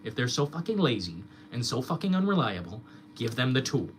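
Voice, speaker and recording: A man's voice: mid-range voice, very animated, brisk. Young guy streaming, swears a ton, voice jumps all over, bit of hiss behind him. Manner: profane, ranting, mocking. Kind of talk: casual chat.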